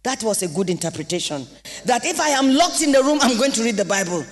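A Nigerian woman pastor delivering an impassioned sermon with sing-song rises and shouted exclamations in a church hall. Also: a little high, big pitch swings, quick pace. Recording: long reverb of a large hall.

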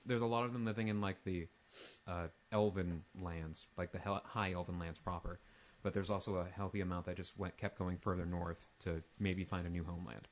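A man's voice: low voice, steady tone, a little fast. A man narrating as dungeon master, rambling with lots of fillers and restarts. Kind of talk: tabletop game narration.

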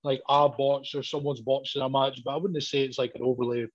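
A man, a professional wrestler, telling sweary, animated stories in casual chat and acting out both sides of each exchange. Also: medium pitch, fairly quick. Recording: dull lo-fi audio.

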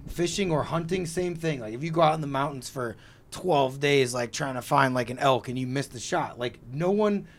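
A man hosting a podcast, chatting casually and excitably, full of "like" and "dude" and the odd swear. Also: medium pitch, moderate pace, slight background noise. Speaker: podcast host. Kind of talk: casual chat.

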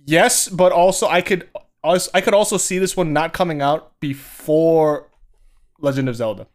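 A man's voice: fairly high pitch, moderate pace. Swearing young man on a podcast. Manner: laid-back, swears freely, laughs often. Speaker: podcast co-host. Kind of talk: casual chat.

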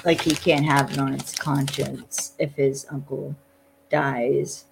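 Podcast host, unhurried gravelly delivery, rambling casual recap with blunt swearing. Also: medium pitch, flat delivery, noisy background. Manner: loose, lots of "like", blunt swearing. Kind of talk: casual chat recapping a TV episode.

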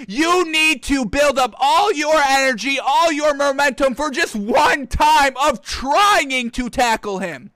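A man giving solo football commentary, excitably ranting and calling his viewers "folks". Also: very high-pitched, measured pace, few pauses. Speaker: sports commentator.

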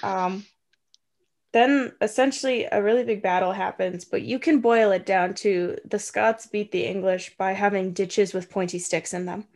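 A woman casually retelling a film plot, tossing in quick offhand voices for the characters. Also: mid-range voice, fairly even intonation, darkish tone. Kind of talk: casual chat.

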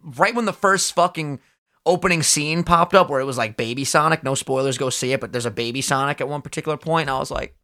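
Young male podcast co-host, excitable and slangy, bright tone, a bit high-pitched. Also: quick pace. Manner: excitable, swears a lot, slangy. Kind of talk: casual podcast chat.

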